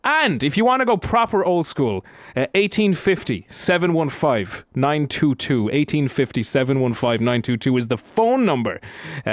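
Lively radio host, bright and bouncy. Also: male voice, mid-range voice, dry recording, studio quality. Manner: teasing, animated, chatty. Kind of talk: casual radio banter. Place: radio studio.

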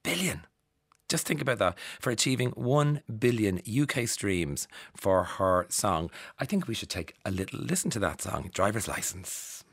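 A man's voice: on the low side, expressive, normal speed, gravelly, slightly rough, no room sound, clean studio sound. A man with an Irish accent hosting a radio show, chatting and laughing as he reads out listener texts in a self-mocking way. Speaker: radio host. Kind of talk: casual radio chat reading listener texts.

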